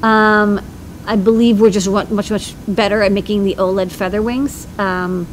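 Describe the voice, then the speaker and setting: A woman's voice: medium pitch, fairly even intonation, moderate pace, a little hiss or hum, rough recording. A woman co-hosting a casual live stream, answering viewer questions in a chatty way with many ums and restarts.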